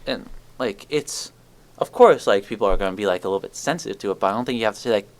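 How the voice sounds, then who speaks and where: A teenage boy hosting a school podcast, talking in a quick, restless way with lots of fillers and restarts. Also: fairly low pitch. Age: teens. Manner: animated, restarts words, many fillers. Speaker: student podcast host. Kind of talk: casual chat.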